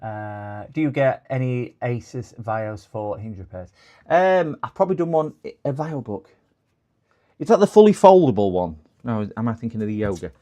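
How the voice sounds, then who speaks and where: A man's voice: mid-range voice, animated, moderate pace, mellow, highs cut off. Chatty man narrating a repair stream. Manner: chatty, joking, self-deprecating, talks to viewers. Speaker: laptop repair technician streaming live. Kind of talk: livestream repair commentary.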